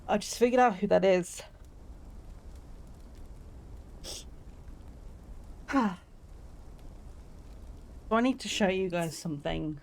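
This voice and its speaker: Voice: mid-range voice, animated, fast talker, creaky, hardly any pauses, a little mellow, a little hiss or hum. A streamer giving casual, emotional commentary on a game.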